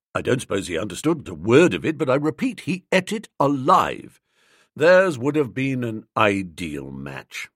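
A man's voice: fairly low pitch, breathy edge, no echo, studio quality, full character voice. A man reading a wry, mocking young English chap. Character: glib young English writer friend, teasing and wry. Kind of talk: audiobook character reading.

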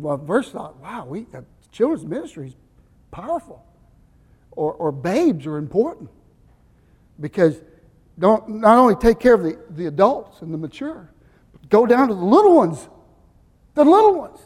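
An older pastor preaches a sermon, his high-pitched, slightly breathy voice ringing through a church hall with long reverb. He poses questions to the congregation and supplies the answers himself, moving between forceful emphasis and quiet, intimate asides.

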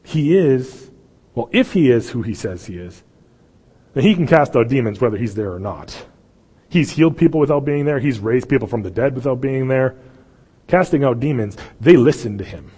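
A man preaching a sermon as pastor, swinging from loud pleading to hushed intensity. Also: mid-range voice, slightly rough, in a large hall. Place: church sanctuary.

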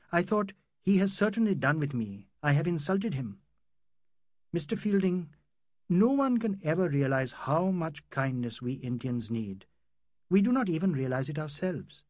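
A man's voice: fairly high pitch, a little mellow, no echo, studio quality. A man voicing a heated, proud young Indian doctor. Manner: sardonic, then earnest and pleading.

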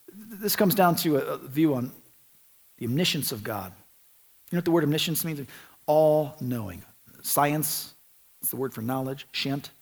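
A male pastor delivering a sermon with a fairly high voice, earnest and conversational, doubling back on phrases to drive points home. His words ring through a church with a long hall reverb.

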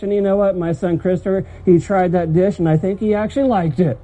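A man's voice: high-pitched, normal speed, hardly any pauses, warm tone, slight background noise, poor audio. A man pastor preaching a sermon at a church service, telling stories and driving his points home with emphasis.

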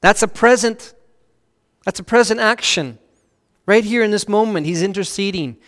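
A man preaching a sermon as pastor, earnest, swelling louder on key phrases and dropping to a hush on scripture. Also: high voice, normal speed, long reverb tail.

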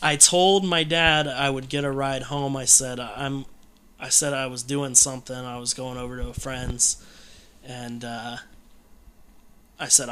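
A man talks candidly in a casual conversation, rambling along with plenty of fillers and restarts. His voice is bright and sits at a middle pitch. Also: little pitch movement, unhurried, a little hiss or hum. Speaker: guest telling his recovery story.

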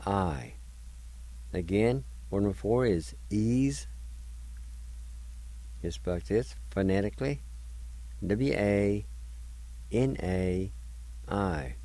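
A male radio host giving a slow, deliberate vocabulary lesson, spelling each word letter by letter and repeating it several times. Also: deep voice, mellow, rough recording.

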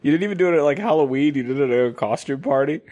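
A man's voice: fairly high pitch, lively intonation, rapid-fire, darkish tone, muffled recording. A man co-hosting a podcast in casual chat, rambling with many restarts. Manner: rambling, full of restarts and likes. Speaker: podcast co-host.

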